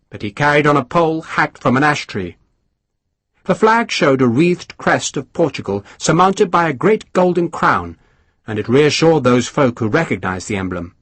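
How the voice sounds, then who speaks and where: A man narrating an audiobook in a measured, expressive reading. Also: fairly high pitch, slightly rough, no room sound. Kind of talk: scripted narration.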